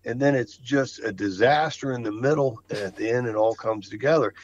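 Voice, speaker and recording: A man's voice: medium pitch, brisk, lo-fi sound. Enthusiastic man with many restarts. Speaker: flooring contractor guest. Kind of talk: casual podcast conversation.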